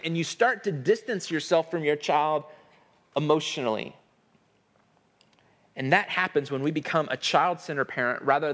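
A man's voice: on the high side, fairly bright tone. A man in his thirties giving an earnest sermon-style talk on parenting, telling a family story and acting out the dialogue.

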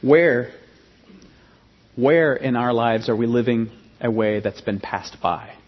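A man in his thirties preaching a sermon as pastor, emphatic and animated, often restarting his phrases. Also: medium pitch, slow pace, breathy edge. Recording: dull sound with long hall reverb.

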